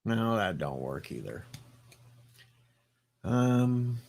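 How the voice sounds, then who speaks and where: A man's voice: lowish voice, very animated, very slow, creaky, darkish tone. A man on a late-night live stream, rambling and joking as he answers his viewers' chat. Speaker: livestreamer reading chat.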